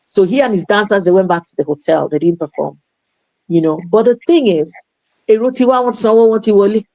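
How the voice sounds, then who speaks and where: A woman tells her story as an interview guest, animated and expressive, and slips Yoruba phrases into her English. Her voice sits at a middle pitch and sounds dry and close. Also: fast, no echo, poor audio. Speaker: interview guest, playwright and promoter.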